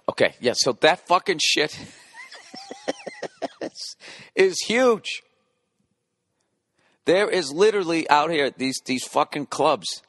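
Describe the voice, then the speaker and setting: A man's voice: a little high, animated, takes it slowly, pauses often, fairly bright tone, slight background noise. A man in his forties hosting a podcast in a rambling comedic monologue, swearing freely, mimicking club beats with his mouth and heckling himself in asides. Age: 40s. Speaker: podcast host.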